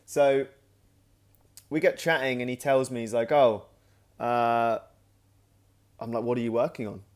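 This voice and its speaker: Man telling an animated anecdote. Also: medium pitch, unhurried. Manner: animated anecdote, acting out his own past remarks; loose, with frequent restarts and "like". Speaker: creator and host of his own channel. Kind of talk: casual storytelling to camera.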